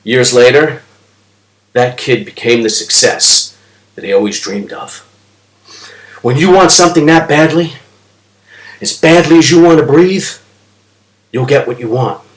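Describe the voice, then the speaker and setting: A man telling a motivational story with a dramatic storyteller's delivery that builds toward shouting. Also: mid-range voice, animated, unhurried, pauses often, roomy sound, low-quality recording. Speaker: motivational speaker.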